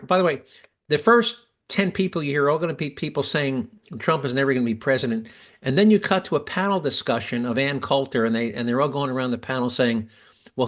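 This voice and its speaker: A man hosting a podcast, talking casually and restarting sentences as he explains. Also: mid-range voice. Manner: chatty, restarts often while explaining. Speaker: podcast host. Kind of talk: casual talk.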